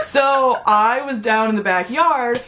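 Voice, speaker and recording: A woman's voice: on the high side, unhurried, bright, forceful tone. A woman in her twenties, chatting casually and telling stories with friends, swearing freely. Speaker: channel host. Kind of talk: casual chat.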